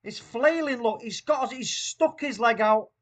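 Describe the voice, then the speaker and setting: A man with a Mancunian accent hosting a live football watchalong, reacting loudly and excitedly to the play. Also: very high-pitched, unhurried. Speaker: watchalong host.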